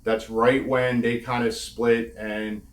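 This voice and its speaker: A former pro wrestler with a mid-range voice speaks slowly and in a level tone during a casual interview. He laughs through candid stories from his career, swearing now and then, in an echoey room.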